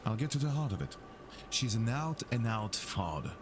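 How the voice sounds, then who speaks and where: A man's voice: on the low side, sing-song, normal speed, noisy background. An actor playing a scheming male investigator who speaks formally and persuasively. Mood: confiding.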